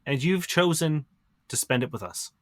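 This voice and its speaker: A man's voice: fairly high pitch, expressive, moderate pace, a bit bright, dry recording, studio quality. A man co-hosting a podcast, earnestly thanking listeners in a casual, chatty sign-off. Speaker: podcast co-host.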